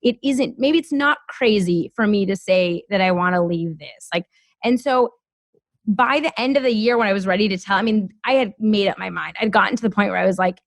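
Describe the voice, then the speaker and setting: A woman's voice: mid-range voice, brisk, no echo, studio quality. A woman in her thirties from the United States, a podcast guest telling her story in casual, chatty talk full of "like". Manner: chatty, heavy use of "like", animated storytelling. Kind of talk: casual interview chat.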